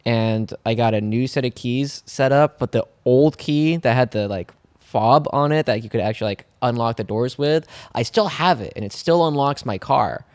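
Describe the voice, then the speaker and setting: A young man with a middle-pitched voice chats on a podcast, cutting in with quick asides. His voice sounds close and dry, with no room around it. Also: darkish tone, dry recording. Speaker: podcast co-host. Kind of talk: casual chat.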